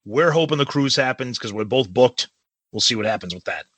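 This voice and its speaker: A man's voice: mid-range voice, expressive, a little fast, fairly bright tone, no echo. A man co-hosting a podcast, chatting casually and passing along fan news. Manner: chatty, relays news conversationally. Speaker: podcast co-host.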